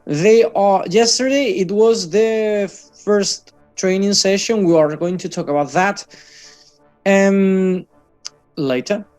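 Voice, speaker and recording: A man's voice: high-pitched, takes it slowly, darkish tone, faint music behind. A man from Catalonia, chatting casually about football news, often hesitating and correcting himself.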